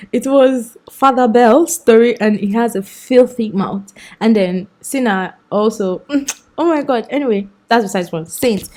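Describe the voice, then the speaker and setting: A woman's voice: fairly high pitch, a little mellow. A young woman chatting enthusiastically through a casual book review vlog, often laughing.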